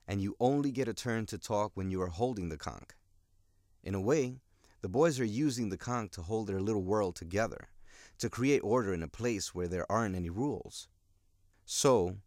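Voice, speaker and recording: A man teaching, explaining a novel to students in a calm, explanatory manner. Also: lowish voice, dry recording, studio quality.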